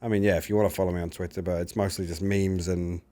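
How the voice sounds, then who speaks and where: A man's voice: low voice, flat delivery, fast, mellow. A young man with an English accent, a podcast guest chatting casually in a dry, understated way. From England.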